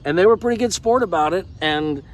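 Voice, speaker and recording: Effusive middle-aged American vlogger. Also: male voice, high-pitched, expressive, brisk, a little hiss or hum. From United States. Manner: emphatic, effusive, swears freely. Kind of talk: casual vlog talk.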